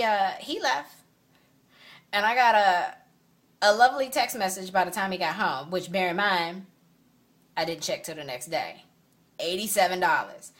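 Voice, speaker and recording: A woman's voice: fairly low pitch, a bit bright. Sassy woman telling a story to camera. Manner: sassy, emphatic, indignant storytelling. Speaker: vlogger. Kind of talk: casual storytelling vlog. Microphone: phone camera.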